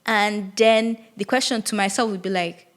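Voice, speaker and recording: A woman's voice: medium pitch, fairly even intonation, normal speed. A young woman, hosting a solo podcast and reflecting candidly aloud, with frequent restarts. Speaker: podcast host.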